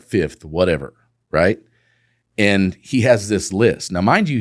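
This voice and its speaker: A man's voice: sits low, no room sound, studio quality. A man, a company co-founder, telling a business story in a casual interview, laughing and acting out the dialogue. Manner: animated, laughing, acts out quoted dialogue.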